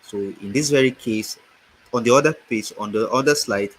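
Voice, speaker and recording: A man with a Nigerian accent teaching a language lesson over an online call, explaining slowly and repeating words for emphasis. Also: medium pitch, rough recording. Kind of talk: online lecture with slides. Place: home setup, online meeting. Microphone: computer mic on a video call.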